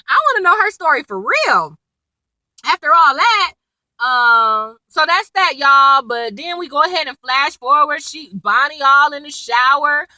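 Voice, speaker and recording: A woman's voice: high voice, moderate pace, dry recording, rough recording. A woman, chatting casually as she recaps a TV episode, acting out lines as she goes. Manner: chatty, animated retelling with quoted lines and laughs. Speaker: TV recap vlogger.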